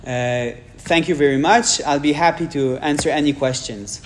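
A man's voice: fairly high pitch, slight background noise. French-accented man speaking frankly. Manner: frank, measured, with hesitations. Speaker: speaker answering questions. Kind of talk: public talk with questions.

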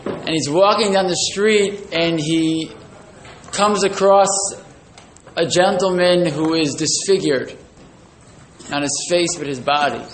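A man giving a moral talk at a university, telling a story slowly with long pauses. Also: on the high side. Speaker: speaker giving a mussar talk. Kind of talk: storytelling sermon. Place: room at a university. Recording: echoey room with faint hiss.

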